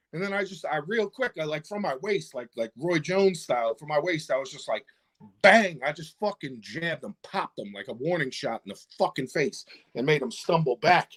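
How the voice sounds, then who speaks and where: A man's voice: on the high side, no room sound. A man telling a bar story in casual chat, swearing often and acting out the other people's lines. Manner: animated, swears often, acts out quotes. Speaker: rapper guest.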